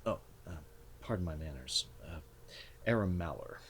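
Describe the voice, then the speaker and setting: A courteous middle-aged gentleman in a sharp suit speaks with polite hesitations, as a man puts him on. His voice is low. A faint hiss sits underneath. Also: expressive, moderate pace.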